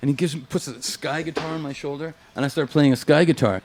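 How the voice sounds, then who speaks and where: A man chatting casually as a guest, telling lively anecdotes, acting out what others said and swearing freely. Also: a little high, fairly quick. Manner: animated anecdotes, acts out quoted voices, swears. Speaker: guest guitarist. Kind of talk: casual storytelling chat.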